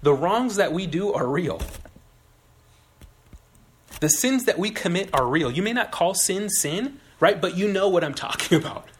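A man with a fairly high voice preaching a sermon. He talks in a loose, conversational way and tells everyday stories to make his point. He keeps turning to the room with quick questions. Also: a little hiss or hum. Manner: conversational, animated storytelling with audience questions. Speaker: pastor.

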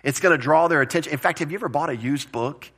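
A man preaching a conversational sermon as pastor, plain-spoken and animated, with joking asides. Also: a little high, fast talker, husky.

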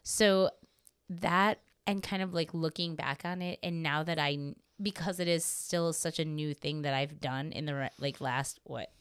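A woman's voice: low voice, unhurried, smooth, no room sound, studio quality. A young woman co-hosting a podcast, chatting casually in a rambling way, swearing freely and laughing often. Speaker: podcast co-host. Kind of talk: casual chat.

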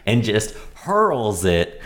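A man with a very deep voice that still swings widely in pitch recaps a TV show with a co-host. He drawls through the plot in an easy, casual way. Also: a crowd in the background. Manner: lively, drawn-out recapping with chuckles. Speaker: podcast co-host.

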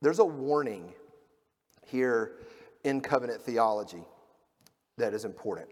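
A middle-aged man preaching a sermon as a pastor, telling stories and acting out the people in them, moving from loud to hushed. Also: mid-range voice, animated, a little slow, long reverb tail. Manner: storytelling, acting out quoted voices, swings between loud and hushed.

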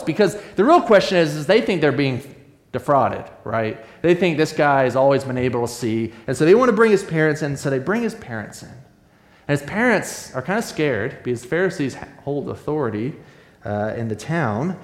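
Man, pastor, sermon, casual storytelling, fillers and restarts, higher-pitched, roomy echo. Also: lively intonation, brisk. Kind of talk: sermon retelling a Bible story. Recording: echoey room.

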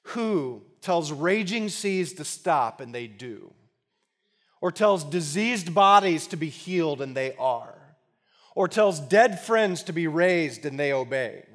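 A man preaching a sermon as pastor, conversational and emphatic with touches of humor, at times dropping into quiet, earnest appeals. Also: a little high, expressive, slow.

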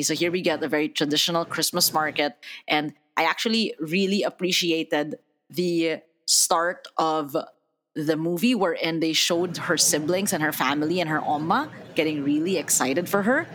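A woman's voice: low-pitched, fairly bright tone, poor audio. Chatty opinionated woman reviewing movies. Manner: chatty, opinionated, laughs often. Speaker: podcast co-host. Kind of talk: casual movie review chat.

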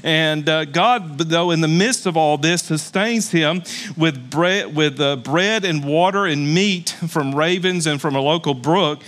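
Lively, high-voiced male pastor preaching. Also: a little slow. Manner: animated storytelling, laughs at his own points. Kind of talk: sermon.

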